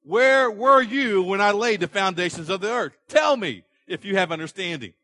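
A man's voice: sits high, expressive, normal speed, pushed and bright, no room sound, voice pushed up. A man voicing God as a stern, sarcastic questioner who fires off demanding rhetorical questions.

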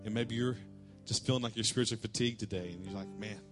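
A male pastor preaching a sermon in church, telling a lively story and calling out cheers in a raised voice. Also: lowish voice, very fast, music in the background. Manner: animated storytelling, shouting quoted cheers.

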